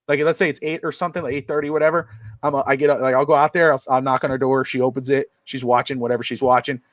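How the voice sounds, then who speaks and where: A middle-aged man co-hosting a podcast, rambling through family stories and mimicking others in high voices. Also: level tone, rapid-fire, dry recording. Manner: rambling storyteller, acts out quotes in high voices. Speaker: podcast co-host. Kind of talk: casual chat. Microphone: streamed podcast mic.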